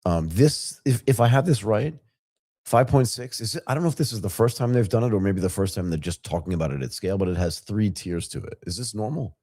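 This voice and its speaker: A man hosting a live tech podcast in a relaxed, rambling way, often restarting his sentences. His voice sits very low and sounds warm and mellow. The studio sound is dry and close. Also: fast, dry recording. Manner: energetic, rambling with fillers and restarts. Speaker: podcast co-host. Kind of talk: casual tech news chat.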